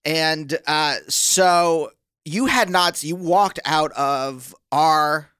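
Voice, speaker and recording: A man co-hosts a casual chat and keeps breaking in with teasing, wry asides. His voice sits a bit high and rings bright, and it is recorded dry and close. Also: very slow, clean tone, no echo. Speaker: podcast co-host.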